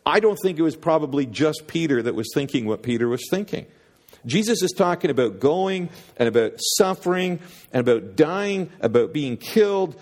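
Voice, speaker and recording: A man's voice: a little high, a little mellow, long reverb tail. A man preaching a sermon, earnest and conversational, often repeating words as he builds toward a point. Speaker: pastor.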